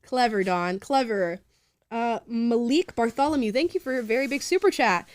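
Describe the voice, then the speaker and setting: A woman's voice: on the high side, moderate pace, dry recording. A woman hosting a live talk show, reading viewer comments aloud in an upbeat, chatty way and laughing often.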